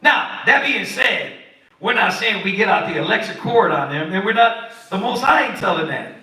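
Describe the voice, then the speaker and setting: A man preaches in a high, bright voice, animated and pointed, acting out little quotes. The mic sits some way off, so he is heard from a distance in a very echoey room. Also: moderate pace, gravelly. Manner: animated, preachy, acts out quotes of kids and parents. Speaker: Bible study teacher. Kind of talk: sermon-style teaching.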